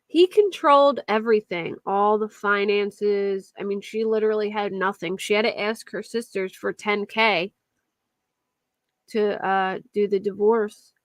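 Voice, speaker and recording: With a medium-pitched voice and no echo, a young woman talks casually on her true-crime live stream, responding to viewers. She uses a desk mic at her computer.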